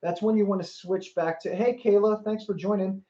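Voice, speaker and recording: A man's voice: high voice, fairly even intonation, moderate pace, dark tone. A man giving a motivational livestream talk as a life coach, earnest, repeating phrases and greeting viewers by name. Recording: roomy, slightly dull livestream audio.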